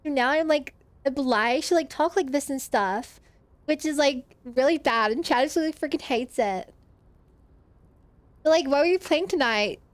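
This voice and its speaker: A woman's voice: high voice, moderate pace, no echo, close to an everyday voice. A woman putting on a ditzy young valley girl voice, filling every sentence with "like" and slang. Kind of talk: put-on voice for a stream reward.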